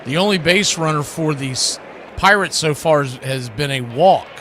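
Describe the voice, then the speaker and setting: A man calls baseball play-by-play on the radio, chatty and folksy, tossing in asides between pitches. His voice sits a little high for a man, and a steady hiss of noise runs under it. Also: moderate pace.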